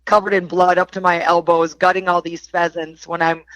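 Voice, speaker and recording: A woman's voice: fairly low pitch, flat delivery, normal speed, fairly bright tone, no echo, rough recording. A middle-aged woman from Wisconsin with a Wisconsin accent, a podcast guest chatting casually and animatedly, laughing often. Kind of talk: casual chat.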